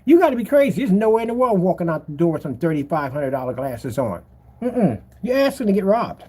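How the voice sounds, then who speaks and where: Brief: male vlogger cracking himself up, swooping animated pitch, slangy mocking rant. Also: a little fast, breathy edge. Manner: jokey, laughs often, mocking; slangy, exaggerated. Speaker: screen paint seller. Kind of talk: casual ranting commentary.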